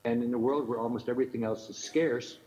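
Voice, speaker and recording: A man's voice: mid-range voice, steady tone, fast talker, dark tone. An older man giving a keynote lecture in a thoughtful way, repeating rhetorical questions to his audience from another time zone. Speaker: keynote speaker. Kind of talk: academic lecture. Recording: muffled lo-fi recording.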